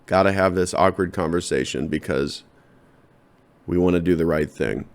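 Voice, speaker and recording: A man hosting his own comedy podcast, rambling through a deadpan monologue and talking straight to his listeners. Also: low voice, moderate pace.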